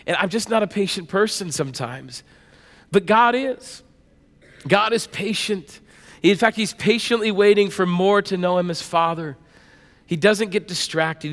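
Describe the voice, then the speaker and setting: Male pastor, 30s, high pitched, lively storyteller, reverberant hall. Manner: conversational, animated storytelling with repetitions. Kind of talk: sermon.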